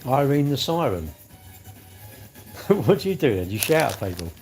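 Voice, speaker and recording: A man chats loosely through a live stream, his voice sitting at an ordinary middle pitch. He banters and answers viewers' comments aloud, with soft music playing in the background. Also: very animated, measured pace. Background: faint music.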